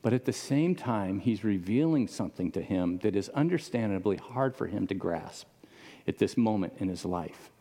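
Male pastor, lowish mellow voice, casual conversational preaching with questions to the room, long hall reverb. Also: expressive, normal speed. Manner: casual, asks the audience questions. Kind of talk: conversational sermon.

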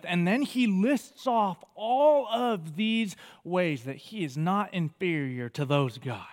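A man's voice: high voice, slow pace, hardly any pauses, in a large hall. A male pastor preaching a sermon, reading scripture aloud with feeling and explaining it to the congregation. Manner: animated, reads scripture with feeling.

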